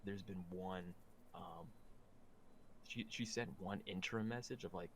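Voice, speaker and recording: A man's voice: low voice, unhurried, pauses often, a little hiss or hum, rough recording. A man chatting casually on a podcast, rambling with lots of fillers and restarts. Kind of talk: casual chat.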